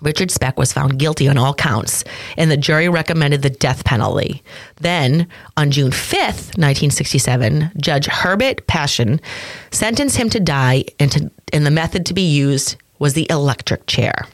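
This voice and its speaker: A woman co-hosting a true crime podcast, reading out case details and breaking in with quick reactions and jokes. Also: deep voice, animated, dry recording. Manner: reads case notes then jokes and comments. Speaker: podcast co-host.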